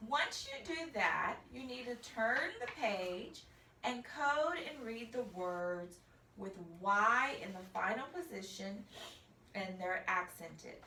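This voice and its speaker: A woman teacher walks children through a phonics lesson at a slow, careful pace, stretching and repeating each sound. Her voice sits slightly high and bright. She stands back from the mic in an echoey room with a faint hiss behind her. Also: animated, distant mic.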